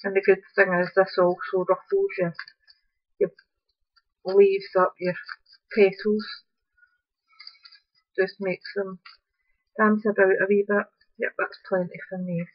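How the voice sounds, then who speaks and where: A woman's voice: mid-range voice, flat delivery, slow, pauses often, dull audio. A woman, chatting casually while demonstrating a craft project at home and thinking aloud as she works. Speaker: craft tutorial host. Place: upstairs room at home.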